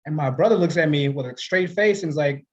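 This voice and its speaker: A man doing a stand-up set, telling self-mocking stories in a deadpan way. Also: on the high side, fast. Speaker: stand-up comedian. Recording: dull lo-fi livestream audio.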